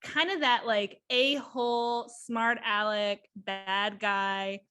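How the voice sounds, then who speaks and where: A woman co-hosting a podcast, chatting about a book in an excited, rambling way with quick bursts. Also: medium pitch, smooth. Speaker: podcast co-host. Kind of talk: casual book chat.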